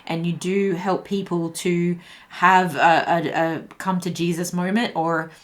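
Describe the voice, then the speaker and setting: Lowish, level, and a little slow, this woman's voice carries an intuitive tarot reading delivered to camera. She talks chattily to her viewers, thinking aloud with frequent fillers and restarts.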